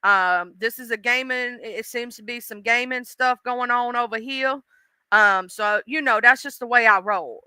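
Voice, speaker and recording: Woman, high bright voice, smooth and clear, casual stream chat, animated, dry close mic. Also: no echo. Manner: animated, chatty, drawls and curses casually. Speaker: live streamer.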